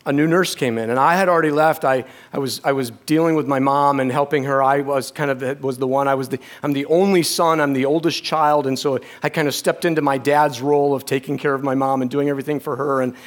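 A middle-aged man preaching a sermon, telling a personal story with halting restarts and dropping to a hush. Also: mid-range voice, steady tone.

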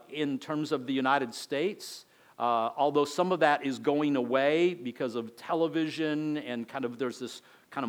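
A middle-aged man from El Paso, Texas gives a relaxed, conversational sermon. He rambles and circles back, filling pauses with "um" and "you know" as he restarts his sentences. His voice sits at an everyday middle pitch. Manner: rambling, chatty, many fillers and restarts. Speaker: pastor.

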